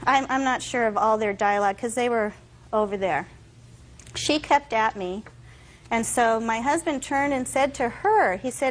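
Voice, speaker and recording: A woman's voice: fairly high pitch, normal speed, low-quality recording. Earnest young woman testifying. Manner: earnest, tells events with quoted dialogue. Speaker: defendant in a TV courtroom. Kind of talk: courtroom testimony. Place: courtroom set.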